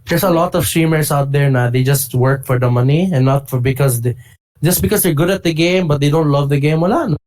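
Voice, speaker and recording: Excitable man chatting. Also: fairly high pitch, a little fast. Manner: excitable, animated storytelling with bursts of shouting. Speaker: podcast co-host. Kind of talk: casual chat.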